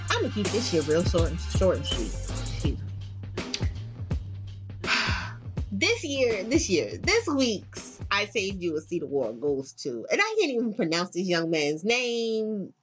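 A middle-aged woman hosting a show, delivering a blunt, profane, animated rant in casual monologue. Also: medium pitch, unhurried, music in the background. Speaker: podcast host.

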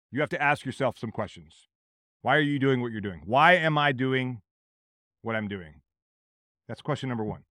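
A middle-aged man delivers a solo podcast monologue at a middling pitch. He speaks earnestly and directly and presses the point by repeating questions. The recording is dry and close, with no room sound. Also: fairly bright tone, no room sound. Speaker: podcast host.

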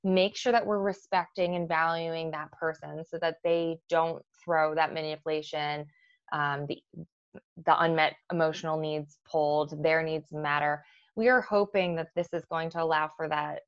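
A woman therapist speaks in a fairly low voice, working through ideas with frequent fillers and restarts. The sound is dry and close, with a slightly muffled, dull quality. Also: fairly even intonation, a little slow, no room sound. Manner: explanatory, with many fillers and restarts. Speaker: therapist guest. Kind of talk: professional conversation.

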